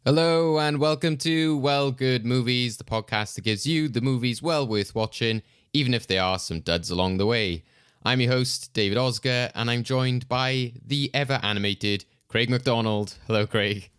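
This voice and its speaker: A man's voice: mid-range voice, normal speed, a bit bright, clear, resonant tone, no echo, clean studio sound. A man hosting a casual podcast chat, loose and chatty, chuckling often. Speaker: podcast host.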